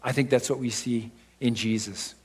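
A man's voice: mid-range voice, steady tone, moderate pace, a little mellow, husky. A man preaching a sermon to his church in a conversational way, often checking in with "right?".

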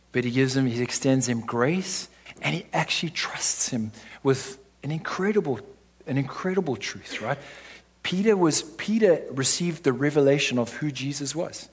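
Husky-voiced man preaching a sermon. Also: mid-range voice. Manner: emphatic, with rhetorical questions and frequent "right?". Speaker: pastor.

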